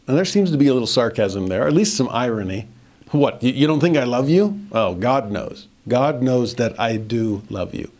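A middle-aged man at an everyday mid-range pitch leads a scripture lesson. He reads the verses slowly and deliberately, then comments on them with lively rises in pitch for emphasis. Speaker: scripture teacher.

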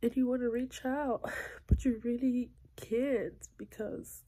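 A tearful woman vlogging on her phone at night, talking in a halting, soft voice that slips into whispers as she opens up. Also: fairly high pitch, fairly even intonation, a little hiss or hum. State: tearful, crying. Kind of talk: emotional confessional vlog. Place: indoors at night. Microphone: phone held close.

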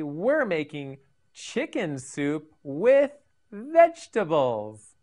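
A woman with a low voice teaching vocabulary to children, very slow and sing-song. Her pitch swoops widely as she repeats each word for learners to copy. She sounds like a scripted classroom lesson.

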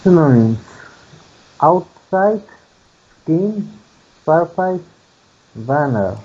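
A man with a Polish accent reads aloud slowly and haltingly, his voice dark and a bit husky. He comes through a dull, lo-fi video call line. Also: a little high, expressive. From Poland. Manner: slow, hesitant, halting. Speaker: English student. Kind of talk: reading aloud in a lesson.

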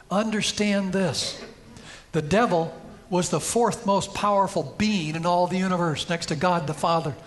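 High-pitched male preacher, storytelling sermon with emphatic peaks, church setting. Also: moderate pace. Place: church sanctuary.

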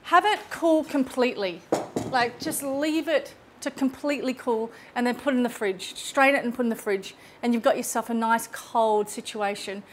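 A woman's voice: on the high side, moderate pace, slight background noise. A chatty woman hosting a casual cooking demonstration in her home kitchen, laughing often. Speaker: cooking show host.

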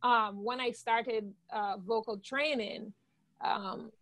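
A woman's voice: on the high side, fairly even intonation, takes it slowly, fairly bright tone, no echo. A woman with a Guyanese accent speaks in a slightly raised register, sharing her own experience in a candid, reflective way. The recording is dry, with no room sound. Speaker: guest songwriter. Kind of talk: podcast interview.

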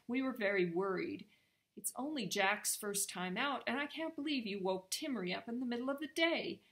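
A woman's voice: mid-range voice, vocal fry, fairly bright tone. A woman voicing a stern, motherly older woman telling someone off. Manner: scolding.

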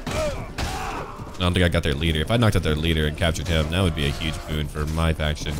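A man's voice: fairly even intonation, fairly quick, background noise. A man commenting while he plays a video game, playful and joking, slipping into mock-pompous old-fashioned phrasing and yelping with laughter. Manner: playful, jumps to high silly exclamations and laughs. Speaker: gameplay commentator. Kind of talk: let's-play commentary.

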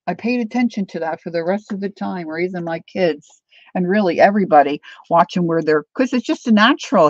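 A woman's voice: on the low side, no echo. A middle-aged woman hosting a craft livestream, chatting casually and rambling through stories while she talks to viewers by name. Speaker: craft channel host. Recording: dull lo-fi dry home recording.

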